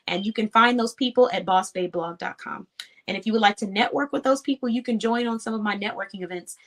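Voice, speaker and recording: A fast-talking woman with a slightly high voice hosts an online show for small business owners. Her talk is casual and conversational, earnest and encouraging, with easy laughter throughout.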